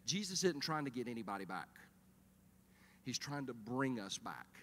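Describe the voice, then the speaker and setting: A middle-aged man preaching a sermon as pastor, telling stories in an animated, humorous way. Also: mid-range voice, normal speed, a little hiss or hum. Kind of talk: sermon with storytelling. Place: church auditorium. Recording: reverberant church hall.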